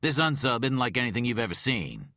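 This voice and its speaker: A man's voice: mid-range voice, very animated, fairly quick, bright, forceful tone, no echo, clean studio sound, pitched above the performer's own voice. A man voicing a stern, bedridden male forensic detective in an audiobook who speaks curtly and firmly. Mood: pressing.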